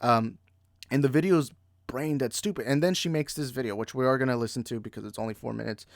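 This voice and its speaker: A man in full rant mode, angry and heated, swearing freely and tripping over his own restarts. His voice sits at an ordinary middle pitch. The sound is close and dry, with no room around it. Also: fast, gravelly, no echo. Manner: repeats and restarts in bursts. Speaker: movie podcast host. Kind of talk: ranting commentary.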